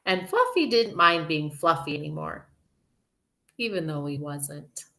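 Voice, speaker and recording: A woman teacher reading a storybook aloud to children, slow, expressive and gentle. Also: sits low.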